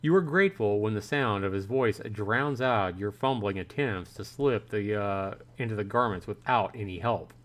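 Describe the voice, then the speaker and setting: A man streaming a visual novel, reading the story aloud and chatting to viewers about it, acting out his own reactions in a higher, louder voice. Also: moderate pace, hardly any pauses. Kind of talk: livestream commentary, reading game text aloud.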